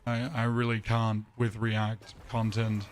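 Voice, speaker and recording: A gaming streamer chats casually with viewers while playing, using a voice changer; he's opinionated, rants, and often trips over his words. His voice is lowish, monotone, and slow, with a little hiss or hum.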